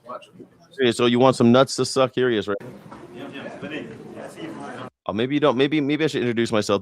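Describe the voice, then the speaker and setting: A lowish-voiced man from the States riffs through a casual news reaction talk, sarcastic and profane, often restarting his sentences. His voice sits fairly low and sounds close and dry, with no room around it. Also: dry recording. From United States. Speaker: independent news and culture commentator.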